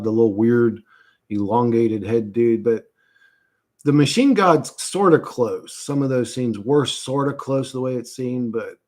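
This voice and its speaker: A man telling a strange vision in a rambling casual monologue, halting, swearing often and losing his thread. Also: mid-range voice, a little mellow. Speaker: streamer recounting a vision.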